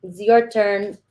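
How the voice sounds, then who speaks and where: A woman's voice: mid-range voice, a little mellow. A woman doing a casual tarot reading, chatty and talking straight to her viewers, often checking in with "all right.". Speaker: tarot reader.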